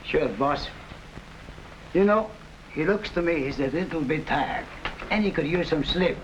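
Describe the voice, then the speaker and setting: An actor playing an eager, dim-witted gangster henchman in an early TV crime drama, in gruff street slang. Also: fairly high pitch, expressive, a little slow, lo-fi sound, slight background noise. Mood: mocking.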